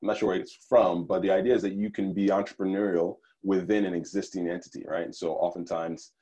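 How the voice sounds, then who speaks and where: Very deep-voiced man, thoughtful guest. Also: flat delivery, mellow. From Nigeria, raised in the United States. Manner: thoughtful, measured, with fillers and restarts. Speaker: podcast guest. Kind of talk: conversational interview.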